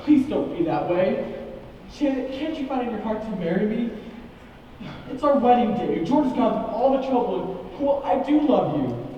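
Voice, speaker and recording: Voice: medium pitch, animated, normal speed, slight background noise, natural voice. A young actor playing an earnest, lovesick groom who pleads with his bride. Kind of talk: stage musical acting. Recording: dull, echoey stage hall from far off.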